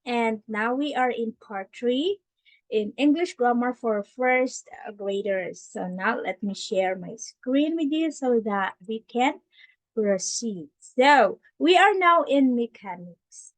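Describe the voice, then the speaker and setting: A woman gives a children's grammar lesson in a slow, unhurried voice that sits a little high. She is patient and repeats points, modeling the tone of each sentence. The close, dry recording has no room sound. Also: animated, dry recording, poor audio. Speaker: online English teacher.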